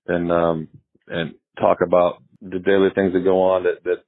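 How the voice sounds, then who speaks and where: A former pitcher as a guest, telling stories in a rambling, casual way, often repeating himself and laughing. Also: male voice, little pitch movement, moderate pace. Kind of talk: casual storytelling interview. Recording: tinny phone line.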